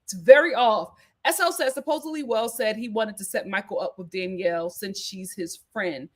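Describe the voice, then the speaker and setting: A woman hosting a live reality TV recap, chatting in an animated, gossipy way. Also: medium pitch, normal speed. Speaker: host.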